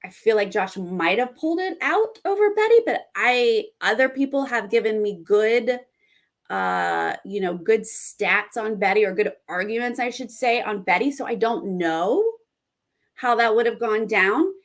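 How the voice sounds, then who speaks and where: A young woman hosting a casual reality TV recap, reacting with excitement and reading viewer comments aloud. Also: on the high side, measured pace.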